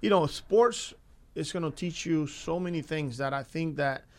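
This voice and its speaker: A man, a former baseball coach, talking in a casual interview in an earnest way, often repeating himself and filling pauses. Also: a little high. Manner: earnest, repeats words, frequent fillers.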